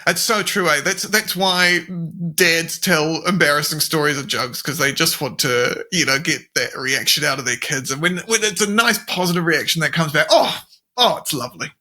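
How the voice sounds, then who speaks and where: A man's voice: on the high side, normal speed, sharp tone. A comedian in his thirties, a guest on a podcast, talking casually and enthusiastically and laughing often. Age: 30s. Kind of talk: casual conversation.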